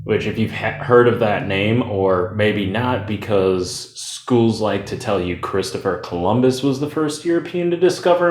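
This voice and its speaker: Chatty male beer reviewer, low voice. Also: roomy sound. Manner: loose and chatty, rambles off on tangents with fillers.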